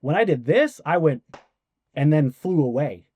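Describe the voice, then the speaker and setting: A man guest on a podcast, casually telling a story, animated and swearing, acting out quoted voices. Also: fairly high pitch, a little slow, breathy edge, dry recording.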